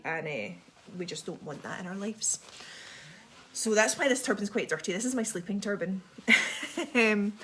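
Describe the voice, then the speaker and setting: A young Scottish woman with a posh accent, chatting quickly and rambling through a casual livestream. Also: medium pitch, slight background noise. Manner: fast, chatty, rambling with many ums. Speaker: livestream host.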